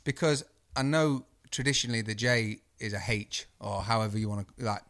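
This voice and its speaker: An excitable man chatting on a podcast, swearing freely and cracking jokes. His voice sits at an ordinary middle pitch for a man, and he talks casually with his co-host. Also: a little fast, few pauses.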